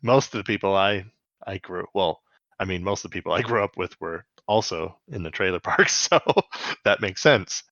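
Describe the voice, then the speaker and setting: A man's voice: deep voice, moderate pace, a bit bright, no echo, highs cut off. A man co-hosting a casual podcast, recapping a cartoon episode with jokes and a put-on Canadian voice. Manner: jokey, slips into a put-on Canadian voice with "eh". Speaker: podcast co-host.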